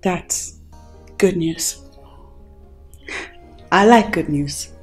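An actress with a Nigerian accent playing a composed queen who speaks in a measured, formal way. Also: on the low side, darkish tone. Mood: regal. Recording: faint film music underneath.

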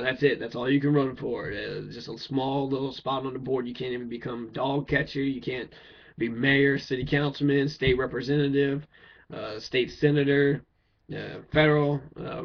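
Medium in pitch, level in tone, creaky, and at normal speed, a Kentucky man delivers a profane political rant. He's blunt and heated, cursing and posing rhetorical questions, on a dull lo-fi recording.

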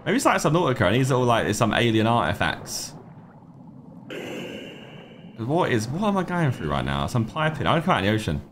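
A man's voice: medium pitch, sing-song, a little fast, long pauses, slight background noise. A man in his thirties giving let's-play commentary, jumpy and swearing, talking to himself and the game. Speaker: gaming YouTuber.

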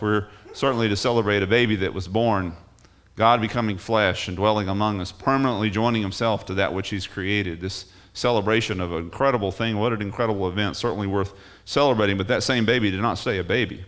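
A man's voice: on the low side, fast, fairly bright tone. Man preaching an emphatic sermon. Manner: emphatic, rising on key phrases, restarts words. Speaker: pastor. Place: church.

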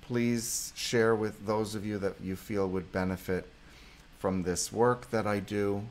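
A man's voice: on the low side, steady tone, unhurried. A middle-aged man, a psychologist hosting a live stream, effusively thanking viewers and reading their comments aloud.

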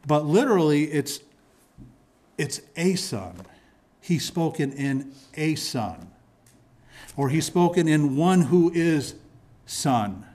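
A pastor preaching a sermon in church, explaining scripture in a teaching manner with frequent restarts and repeated words. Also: male voice, on the high side, animated, slow pace, pauses often, darkish tone. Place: church sanctuary.

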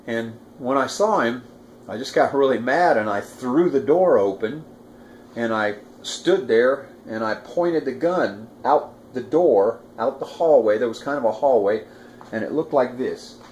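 A man's voice: mid-range voice, expressive, measured pace, a little mellow, slight background noise. A man in his sixties casually recalling a past event, rambling with restarts and asides. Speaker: storyteller recalling a past crime. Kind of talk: casual first-person recollection.

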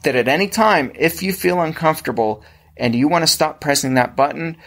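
A man's voice: on the high side, fairly quick, a bit bright. A man with a Pennsylvania accent hosting a casual podcast discussion, explaining at length with frequent restarts. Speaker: podcast host.

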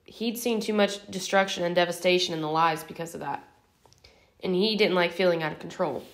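A woman reading a novel aloud as an audiobook narrator in a steady, even storytelling manner. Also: on the low side, a little fast. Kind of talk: scripted narration.

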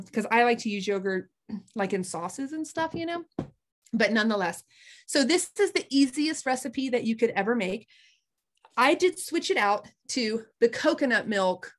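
A fairly high-voiced woman talks through an easy no-bake treat over a video call. She is chatty and animated, and often pauses to check that listeners are following. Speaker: host presenting a recipe. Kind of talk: casual chat demo.

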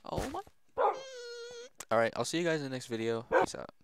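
A young man giving casual, slangy gameplay commentary, excitable and often shouting at the game. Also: mid-range voice, a little fast, gravelly, clean tone, no echo, clean studio sound. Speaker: gaming youtuber. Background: loud background music.

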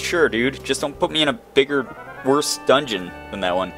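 A man's voice: mid-range voice, lively intonation, moderate pace, a bit bright, soft background music. A man giving casual, goofy commentary while playing a video game, joking with the characters on screen. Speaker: let's play gamer.

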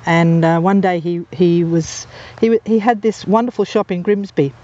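An English woman, an amateur nature videographer, talks casually while filming outdoors on a golf course, her lowish, mellow voice fairly even in intonation at a moderate pace. She rambles through anecdotes with plenty of ums and uhs. The handheld camera mic gives a slightly dull, muffled outdoor sound.

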